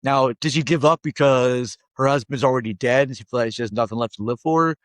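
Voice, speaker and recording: A man's voice: mid-range voice, brisk, dry recording. A man from Minnesota giving a rambling, casual movie review, often checking in with "all right?" and getting worked up at times. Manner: rambling and conversational, keeps tagging lines with "all right?"; gets worked up and exasperated.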